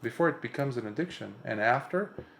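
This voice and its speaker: A man's voice: medium pitch, expressive, brisk, creaky, fairly bright tone, slight background noise. A Buddhist monk giving an impromptu dharma talk, earnest and emphatic, lifting his voice on repeated points and often restarting his sentences.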